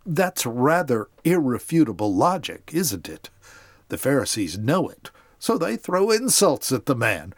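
A man's voice: a little high, sing-song, normal speed, dry recording, studio quality. A man hosting a podcast, narrating a Bible story and explaining it to his listeners. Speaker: podcast host.

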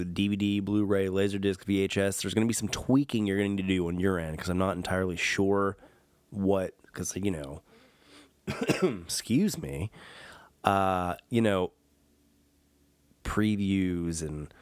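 A man hosts a podcast in a deep, low voice, taking his time over each thought. His talk rambles and fills up with ums and uhs as he pokes fun at himself. The sound is close and dry, with no room around it. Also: no room sound. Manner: rambling, jokey and self-mocking, with many fillers. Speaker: podcast host. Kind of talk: casual solo podcast chat.

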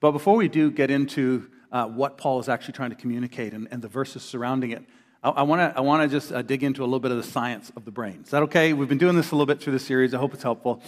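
Animated middle-aged male pastor in hall. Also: mid-range voice, fast talker. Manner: animated storyteller who acts out quoted voices. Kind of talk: sermon. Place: church hall before a congregation. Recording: long reverb of a large hall.

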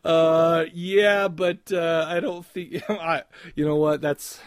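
A man's voice: a little high, steady tone, slow, no room sound, studio quality. A man co-hosting a podcast in casual chat, rambling with crude jokes and frequent laughter. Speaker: podcast co-host.

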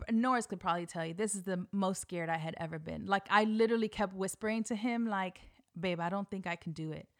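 A woman telling a personal story in a casual, animated, profane way, laughing often and acting out what people said. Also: medium pitch.

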